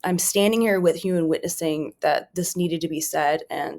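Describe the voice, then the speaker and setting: A woman with a slightly low voice speaks in an earnest, reflective way. She talks gently, often restarting a thought and voicing example phrases as she goes. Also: normal speed, vocal fry. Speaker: podcast host and survivor advocate. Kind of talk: earnest advice talk.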